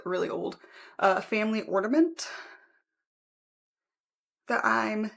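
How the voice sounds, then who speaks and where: A woman vlogging casually from a room at home, chatting in a rambling way and correcting herself as she goes. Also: fairly high pitch. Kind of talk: casual vlog chat.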